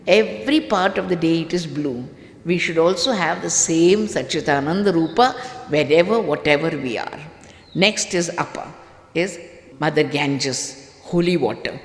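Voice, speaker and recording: A speaker giving a devotional sermon to a live audience, hammering home repeated refrains with big swings in pitch. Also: normal speed. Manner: emphatic, repetitive refrains with wide pitch swings. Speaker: spiritual discourse speaker. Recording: echoey hall with long reverb and faint music.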